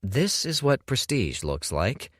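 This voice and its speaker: A man's voice: medium pitch, big pitch swings, slow pace, dry recording, pitched above the performer's own voice. A man voicing a wry young male apprentice who makes dry, skeptical remarks.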